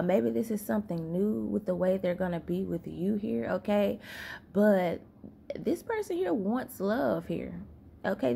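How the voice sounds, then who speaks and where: A woman's voice: on the low side, creaky, dark tone, a little hiss or hum. A woman giving a casual tarot reading late at night, sleepy and yawning, drawling and peppering her talk with "okay?" and "y'all". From Southern United States. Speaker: tarot reader.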